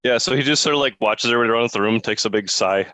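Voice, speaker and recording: A man's voice: mid-range voice, racing, sharp tone, no room sound. A man playing a tabletop game, describing his character's actions in an easygoing way. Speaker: player. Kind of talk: casual tabletop play.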